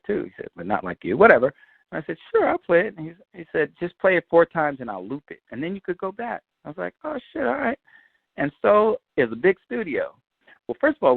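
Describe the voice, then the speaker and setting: Lively man telling a studio story. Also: on the high side, creaky, no echo, phone-quality sound. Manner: lively, swears freely, acts out quoted voices. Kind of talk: animated storytelling.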